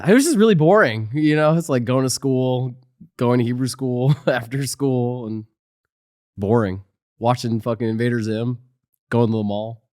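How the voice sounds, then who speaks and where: A man's voice: medium pitch, a little slow, darkish tone, no room sound, studio quality. A man from New Jersey co-hosting a podcast in casual chat, laid-back and joking as he rambles. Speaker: podcast co-host.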